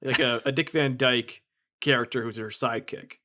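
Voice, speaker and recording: A man co-hosting a casual movie podcast, with an average-pitched, plain voice. He chimes in with dry, deadpan jokes and teasing asides. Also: moderate pace. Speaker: podcast co-host. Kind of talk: casual chat.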